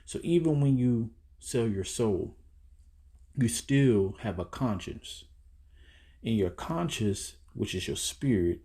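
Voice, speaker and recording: A man's voice: mid-range voice, expressive, slow pace, dark tone. A man giving a casual sermon while seated, reading verses and explaining them in loose, conversational street-style talk. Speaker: preacher teaching scripture. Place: indoors, seated.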